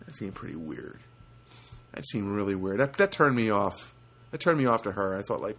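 A man spinning a meandering funny story, his pitch swinging widely as he goes. He pauses for asides and restarts, and leaps up high to mimic other people and noises. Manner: animated, jumps to high pitch for quoted voices and honk sounds; rambling with frequent restarts and asides. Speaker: comedic storyteller. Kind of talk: rambling anecdotal monologue.

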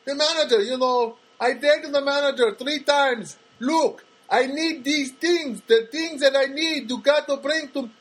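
Man imitating a Spanish-accented supermarket worker, high put-on pitch, broken halting English, repeats himself. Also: fairly bright tone, rough recording. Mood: complaining. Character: grumbling middle-aged male supermarket worker in broken English.

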